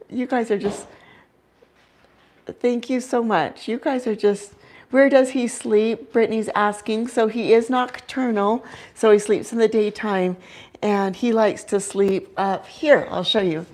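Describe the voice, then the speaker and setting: A woman's voice: mid-range voice, measured pace, darkish tone. A young woman chatting casually on her livestream about her pet owl, with giggles and lots of "like" fillers. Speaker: owl keeper and channel host.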